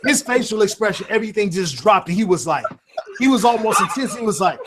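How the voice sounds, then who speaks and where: A man with a fairly high voice tells stories in relaxed conversation. He laughs often as he talks, and his telling stays lively. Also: quick pace, heavy background noise. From Chicago. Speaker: guest rapper. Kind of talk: casual storytelling.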